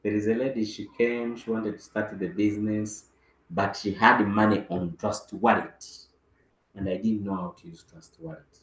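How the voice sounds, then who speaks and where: A man's voice: fairly low pitch, fairly even intonation, moderate pace, reverberant, slight background noise, rough recording. A man giving a motivational training talk as a business team trainer, acting out dialogue and repeating words for emphasis.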